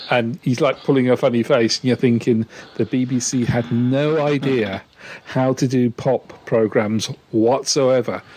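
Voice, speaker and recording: A man chatting as podcast co-host, telling wry, animated anecdotes. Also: medium pitch, measured pace, a little hiss or hum. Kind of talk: casual chat about old TV.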